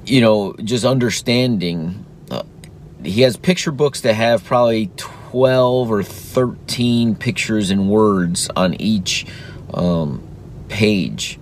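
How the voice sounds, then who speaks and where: A man's voice: on the low side, takes it slowly, a little hiss or hum. A man in his thirties, a father and host, talking casually and earnestly, now and then acting out his own sing-song praise to his little son. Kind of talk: casual reflective talk.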